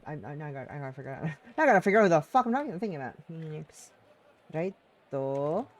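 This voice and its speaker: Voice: medium pitch, big pitch swings, quick pace. Self-mocking, swearing game streamer. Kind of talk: live-streamed game reading with commentary.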